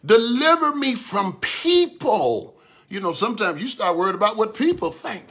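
A man preaching a livestreamed sermon, swinging from calm talk to shouted repeated prayers. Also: high voice, normal speed, breathy edge. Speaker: pastor.

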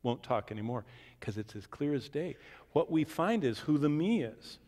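A man teaching the Bible in a question-and-answer session, swinging from emphatic declarations to hushed asides. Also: fairly high pitch, expressive, normal speed. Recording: long reverb of a large hall.

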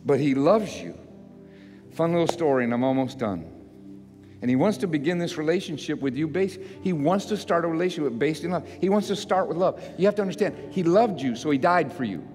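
Older man as a pastor, folksy and emphatic; a fairly high voice with a long hall echo. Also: animated, brisk. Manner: folksy, self-mocking preaching that swells to loud emphatic repetition. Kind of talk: sermon. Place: church sanctuary. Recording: church hall reverb with faint music.

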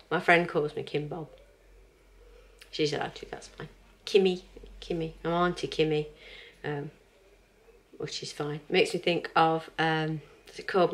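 A woman's voice: sits low, fairly even intonation, unhurried. Chatty woman vlogging at home. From England. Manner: chatty, rambling, laughs often. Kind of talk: casual chatty vlog.

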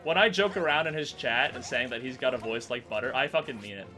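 A man's voice: mid-range voice, fast talker, sharp tone, faint music behind. A Canadian man commentating his gameplay casually, swearing freely, ranting and laughing as he talks to his viewers. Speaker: gaming streamer.

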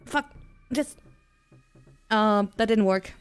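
A young woman livestreaming a VR game in casual chatter, excitable and swearing, with frequent giggles and shrieks. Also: mid-range voice, unhurried, long pauses, smooth, soft background music. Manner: giggly, jokey rambling. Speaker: streamer. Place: at home, playing in VR.

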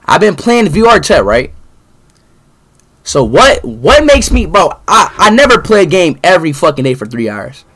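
A young man streaming live, ranting angrily at his chat with lots of swearing and sudden outbursts of shouting. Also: a little high, sing-song, normal speed, breathy edge. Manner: angry profane ranting, bursts into shouting.

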